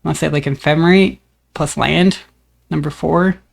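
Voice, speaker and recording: A man giving casual commentary on his own card game, thinking aloud about each play in a relaxed, upbeat way. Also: fairly high pitch, normal speed, vocal fry.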